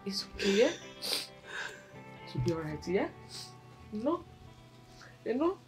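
A woman's voice: medium pitch, big pitch swings, unhurried, a little mellow, soft background music, rough recording. A middle-aged actress with a Nigerian accent playing a mother who comforts her grown daughter. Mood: comforting. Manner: soothing, reassuring. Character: warm, comforting village mother. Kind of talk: Nollywood film acting.

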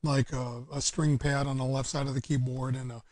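A man's voice: mid-range voice, flat delivery, normal speed, a little mellow, no room sound. Easygoing man chatting, dry sound. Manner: easygoing, rambling with many fillers. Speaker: guest musician. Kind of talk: casual interview chat.

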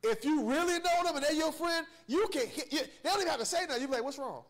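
A pastor with a Georgia Southern US accent preaches a sermon in a church sanctuary, playfully teasing and calling out to the congregation in call-and-response style. His voice is very high-pitched, with lively intonation, and he talks fast.

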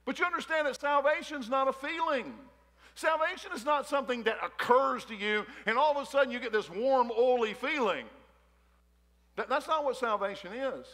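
High, bright-voiced preaching man. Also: normal speed. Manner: folksy, joking preaching with crowd call-outs; emotional. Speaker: pastor. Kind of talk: sermon. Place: church hall, a former gymnasium. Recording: long church-hall reverb.

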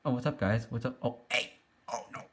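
A young man giving excitable, giggly play-by-play commentary as he teases other players in an online game. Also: mid-range voice, brisk, noisy background. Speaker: gaming YouTuber. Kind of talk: casual Let's Play commentary.

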